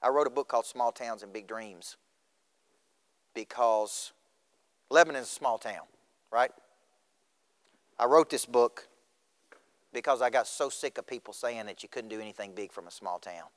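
A middle-aged man from Tennessee delivers a motivational speech in a school auditorium, pausing often and questioning the audience directly. He has a mid-range voice and a moderate pace, and the room sounds reverberant.

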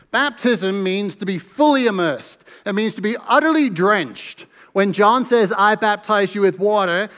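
A man's voice: high voice, fairly bright tone, in a large hall. An American man, a pastor, preaching an earnest sermon and reading scripture aloud with emphasis. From United States. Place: church sanctuary.

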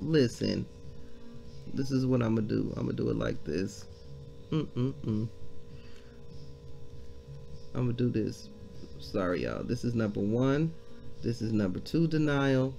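A woman leading a devotional Bible reading. She comments excitedly as she reads and calls her listeners family. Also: very deep voice, slow, gravelly, long pauses, soft background music. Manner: exclaiming, addresses listeners as family. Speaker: devotional leader.

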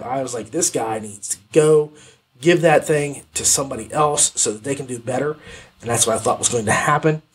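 Husky rambling male podcast host. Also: fairly high pitch. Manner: rambling, animated, self-correcting with many fillers. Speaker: podcast host reviewing audiobooks. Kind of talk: casual spoken review.

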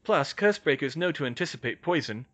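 A man reading aloud voices a calm, firm young curse breaker giving instructions. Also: on the high side, fairly quick.

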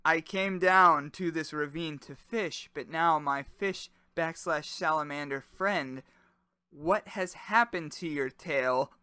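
A man's voice: a little high, slow pace, pushed and bright, smooth, no room sound. A man playing a baffled fisherman, speaking in earnest, over-formal storybook style. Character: baffled lowly human fisherman.

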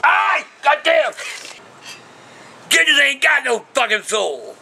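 Older man, blunt and profane, with a high, bright, sharp voice. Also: very animated, takes it slowly, creaky, slight background noise. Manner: profane and blunt, peppered with curses. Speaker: show host answering viewer questions. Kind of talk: casual talk to camera.

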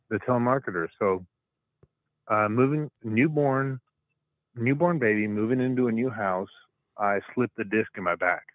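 A man from Tennessee calling into a radio show, telling a story in an animated way, acting out voices and laughing along. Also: medium pitch, no echo. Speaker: caller. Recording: tinny dry phone line.

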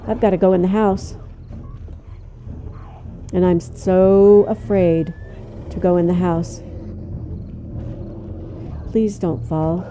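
An older woman giving let's play commentary, jumpy, cursing and talking to the game out loud. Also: lowish voice, fairly even intonation, slow pace, pauses often, a little hiss or hum. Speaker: gamer.

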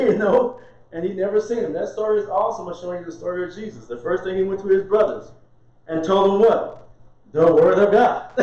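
Lively preacher man in a very echoey room. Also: sits high. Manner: lively, laughs often, asks and answers his own questions. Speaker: minister. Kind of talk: informal conversational sermon. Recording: very echoey, dull muffled sound.

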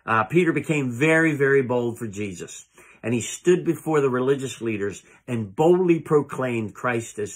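A middle-aged pastor preaching in an earnest, halting way, circling back over his words. His voice has a husky, slightly breathy grain at a mid pitch. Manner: earnest, halting delivery with many repeated words. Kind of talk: sermon. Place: church sanctuary.

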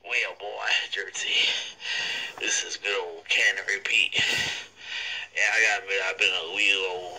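A man voicing a cocky male gangster in a prank phone message, taunting in a high, strained voice. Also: little pitch movement, moderate pace, long pauses, pushed and bright, breathy edge, exaggerated voice, low-quality recording. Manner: high strained taunting, calls everyone boy. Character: cocky male gangster, pickle-gun braggart.

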